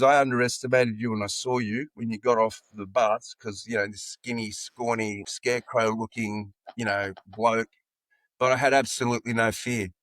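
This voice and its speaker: A man's voice: mid-range voice, no echo. A man in his sixties with an Australian accent, a football coach telling long personal stories in an interview and acting out what others said. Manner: animated anecdotes, acting out quoted dialogue. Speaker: football coach, podcast guest. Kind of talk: casual storytelling in an interview.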